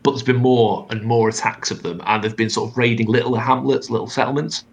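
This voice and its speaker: A man's voice: medium pitch, fairly even intonation, a little fast, a little hiss or hum, poor audio. A man narrating as game master over a video call, with a wry, rambling delivery and plenty of fillers. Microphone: computer mic on a video call.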